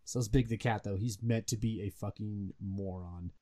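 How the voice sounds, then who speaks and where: A young man co-hosting a gaming podcast in casual chat, animated and swearing often. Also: lowish voice, normal speed. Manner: animated, swears a lot, mocks characters in put-on voices. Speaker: podcast co-host.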